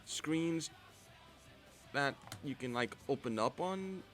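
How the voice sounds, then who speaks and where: A man rambles through a casual commentary on his own old video, stopping often for ums and uhs. His pitch is lively and animated. Faint music plays underneath. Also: slow pace. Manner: rambling, many fillers.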